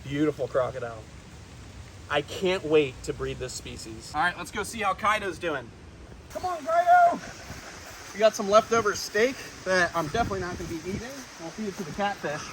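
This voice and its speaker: A man hosting a wildlife vlog outdoors, talking excitedly to his animals as he feeds them. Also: a little high, brisk, slight background noise. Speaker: wildlife vlogger and zoo keeper. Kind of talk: casual outdoor vlog narration. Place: outdoors at animal enclosures and a pond.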